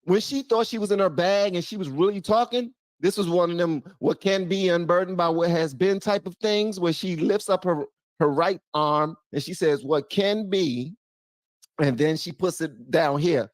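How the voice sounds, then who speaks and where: A man hosting reaction commentary, exasperated and mocking, swinging from loud outbursts to low mutters. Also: no echo. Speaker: commentary host.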